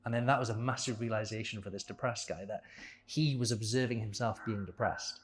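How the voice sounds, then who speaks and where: A man's voice: lowish voice, fairly even intonation, brisk, slight background noise. A man speaking as a podcast guest in a casual conversation, rambling and thinking aloud, often restarting and correcting himself.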